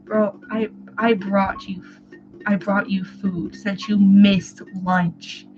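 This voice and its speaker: A woman's voice: mid-range voice, steady tone, a little fast, natural voice. A woman reading a grumpy cartoon rabbit. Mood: exasperated. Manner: exasperated, scolding. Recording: dull lo-fi sound with music behind.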